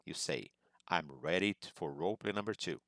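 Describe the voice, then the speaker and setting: A man giving an instructional presentation as an English exam prep teacher, measured and explanatory, stressing key words. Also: low voice, vocal fry, a bit bright, no echo.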